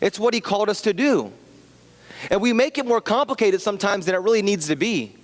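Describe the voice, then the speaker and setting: A man in his thirties delivers a relaxed, self-deprecating sermon with a fairly high voice. He wanders into rambling asides and restarts his sentences often. His voice rings out with the long reverb of a church hall. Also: fairly quick. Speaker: pastor. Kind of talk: conversational sermon with personal stories.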